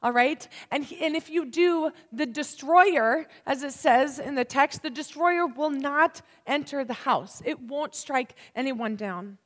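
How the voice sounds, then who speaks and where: A woman in her thirties delivers a sermon with a high voice and a slow, deliberate pace. She leans on key words and checks in with her listeners. Her voice carries a long reverb from a large hall. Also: fairly bright tone. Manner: unhurried and emphatic, asking the listeners questions. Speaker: preacher.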